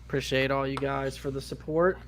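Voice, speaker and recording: A man, co-hosting a casual podcast and wrapping up the episode in a relaxed way. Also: mid-range voice, a little fast, a little hiss or hum. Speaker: podcast co-host closing the show.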